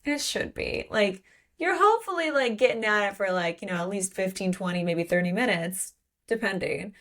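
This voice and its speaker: Woman co-host, playful casual chat, reads excerpts, voice jumps up when excited. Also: mid-range voice, fairly quick. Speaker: podcast co-host. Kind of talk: casual book chat, reading passages aloud.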